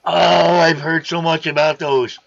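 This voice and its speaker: Gravelly, bright-voiced man hosting a stream. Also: on the high side, unhurried. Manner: loose, excitable, reads chat comments aloud. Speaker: live stream host. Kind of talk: casual live stream chat. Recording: dull lo-fi stream audio.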